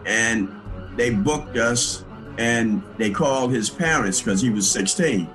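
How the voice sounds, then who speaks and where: An older man telling his life story in a relaxed interview, with many restarts and small chuckles. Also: lowish voice, a little slow, music in the background, poor audio. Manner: conversational, with frequent restarts and chuckles. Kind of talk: recalling his past in an interview.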